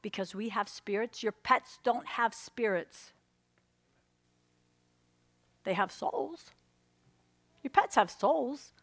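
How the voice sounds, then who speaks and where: A woman's voice: a little high, expressive, takes it slowly, vocal fry, a bit bright, dry recording. A woman preaching a sermon, telling stories and acting out her own inner voices, checking in with "amen?" as she goes.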